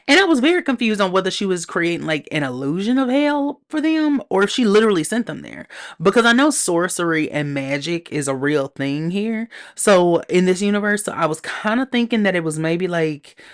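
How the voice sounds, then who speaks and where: A woman with a slightly low voice talks through a TV episode on her own show. She is animated and sassy, tossing in playful slang as she reacts. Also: brisk. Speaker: TV show reviewer. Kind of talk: casual solo review chat.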